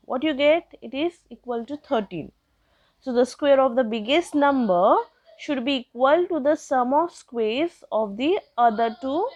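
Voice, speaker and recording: A woman's voice: sits high, no room sound. A young woman teaching a maths lesson step by step, asking questions and answering them herself. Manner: patient, asks questions then answers them.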